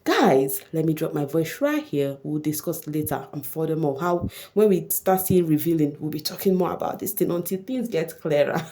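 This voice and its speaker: A woman talks in a loose, chatty gossip style, often breaking into exclamations. Her voice sits low and sounds mellow rather than bright. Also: animated, moderate pace, few pauses. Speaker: vlogger recapping a reality show. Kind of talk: casual gossip commentary.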